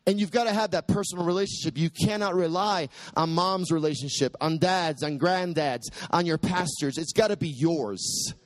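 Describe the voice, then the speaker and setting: A man preaching a sermon, quoting scripture and building to shouted peaks. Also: moderate pace, few pauses, no echo. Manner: preaching with soaring pitch and sudden shouted peaks; quotes scripture in dramatic voices.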